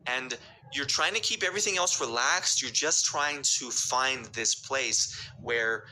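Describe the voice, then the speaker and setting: A man's voice: medium pitch, measured pace, bright, forceful tone, a little hiss or hum, rough recording. A man coaching stuttering, talking through speech techniques in an upbeat, encouraging way and demonstrating them by stretching and over-articulating words. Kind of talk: instructional workshop talk.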